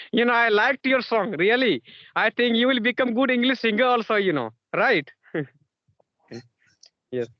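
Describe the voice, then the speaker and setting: A man's voice: extremely high pitch, lively intonation, unhurried, pauses often, dry recording, dull audio. A man interviewing in casual conversation practice, repeating himself and filling gaps with "you know" and "yes, yes".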